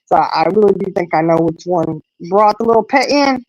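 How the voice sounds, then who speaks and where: A middle-aged woman, chatting casually and telling a lively story, acting out the voices in it. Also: medium pitch, a little fast, dry recording, lo-fi sound. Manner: animated storyteller, acts out quotes. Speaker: host. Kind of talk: casual chat.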